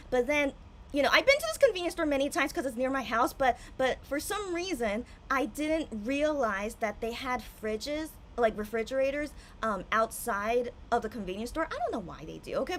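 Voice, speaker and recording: A tipsy young woman chatting casually on a livestream from home, excitable and swinging from hushed asides to loud outbursts. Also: a little high, a little hiss or hum.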